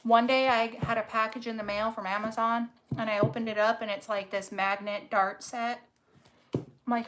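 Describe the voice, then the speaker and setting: A woman's voice: on the high side, level tone, moderate pace, fairly bright tone, a little hiss or hum. A woman giving a casual tarot reading, blunt and emphatic, swearing freely and stretching out words for stress. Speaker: tarot reader.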